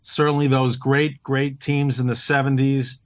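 Speaking unhurriedly in a mid-range voice with flat delivery and no echo, a team owner appears as a podcast guest in a casual interview. He sounds earnest and enthusiastic, though his sentences are full of "uh" and false starts.

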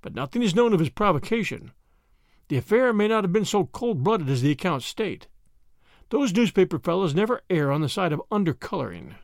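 A man reading a storybook aloud, voicing a quiet, courteous stranger who speaks calmly. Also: sits high, brisk, no echo, studio quality. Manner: quiet, calm.

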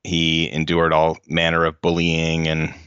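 A man with a very deep but bright, forceful voice speaks as an easygoing author guest. His sound is dry and slightly dull, like a remote line into a podcast. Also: completely flat delivery, a little slow, smooth, no echo. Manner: easygoing, self-deprecating. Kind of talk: casual interview chat.

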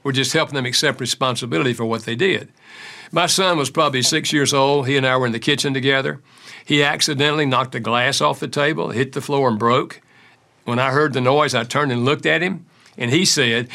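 Older man telling stories, gravelly and bright. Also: medium pitch, brisk. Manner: acts out quoted dialogue in stories. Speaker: author and counselor. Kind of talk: storytelling interview answers.

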